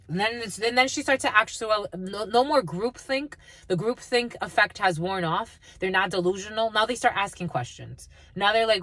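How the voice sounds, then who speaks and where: A woman's voice: medium pitch, lively intonation, moderate pace, fairly bright tone, dry recording. A woman giving a spiritual energy reading in a blunt, foul-mouthed way, laughing now and then. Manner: blunt, swears constantly, laughs at her own reading. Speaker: spiritual reader. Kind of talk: profane channeled energy reading.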